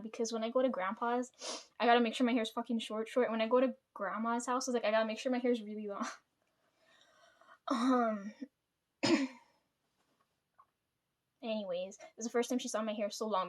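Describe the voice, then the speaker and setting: A woman's voice: a little high, a little mellow. Rambling, foul-mouthed woman vlogger. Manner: rambling, frequent swearing, chatty asides; often laughs between thoughts. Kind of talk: casual storytelling to camera.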